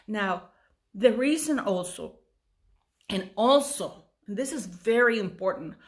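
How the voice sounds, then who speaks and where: Woman, fifties, mid pitch, tired, rambling, emotional, casual commentary, lots of restarts. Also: expressive, takes it slowly. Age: 50s. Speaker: YouTube commentator.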